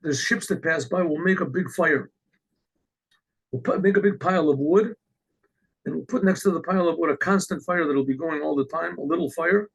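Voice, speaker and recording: A rabbi telling a story in an animated way, acting out the characters with exclamations. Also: male voice, a little high, moderate pace, vocal fry, breathy edge, low-quality recording. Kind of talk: storytelling talk.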